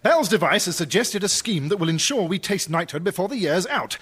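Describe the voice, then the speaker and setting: An actor playing a pompous, scheming Victorian gentleman in a radio comedy sketch. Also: sits high, sing-song, brisk, heavy background noise.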